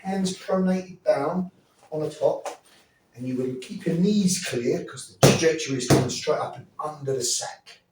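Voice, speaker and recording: Recorded far from the mic in an echoey space, this fairly high-pitched man speaks at a moderate pace while showing self-defense techniques. He's blunt and profane, repeatedly checking that the listener is following, and the audio is very noisy beneath a faint ambience.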